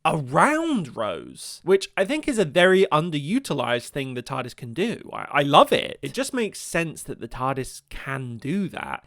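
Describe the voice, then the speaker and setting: Young man, scripted commentary voice, gravelly and bright, wry asides. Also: fairly high pitch, dry recording, clean studio sound. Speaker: video essayist.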